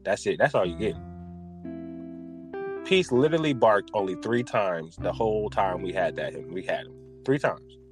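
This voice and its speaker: A man co-hosting a podcast in casual chat, an animated storyteller whose voice jumps high when he acts out a panic. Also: normal speed, pauses often, over music. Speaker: podcast co-host.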